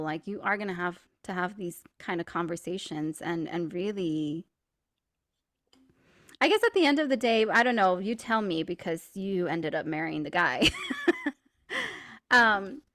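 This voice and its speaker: Chatty woman telling a story on a podcast. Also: mid-range voice. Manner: chatty, fills speech with "like"; animated and laughing while retelling stories. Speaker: podcast co-host. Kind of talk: casual storytelling chat.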